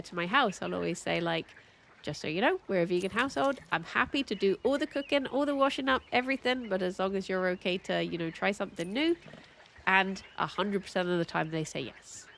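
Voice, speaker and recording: A woman's voice: mid-range voice, gravelly, fairly bright tone, slight background noise. A young woman chatting casually while streaming a game, full of "like"s and frequent laughs. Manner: chatty, many "like"s, laughs often.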